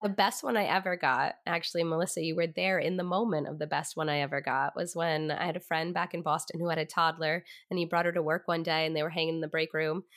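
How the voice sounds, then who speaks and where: A woman's voice: low-pitched, steady tone, fast talker, hardly any pauses, a bit bright. A woman hosting a podcast, chatting casually with a playful, teasing manner. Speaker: podcast host.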